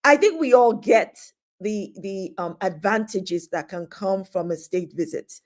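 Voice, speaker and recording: A woman's voice: mid-range voice, unhurried, darkish tone. A middle-aged woman hosting a live stream, chatting casually and greeting viewers by name with frequent laughs. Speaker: host of a live talk stream.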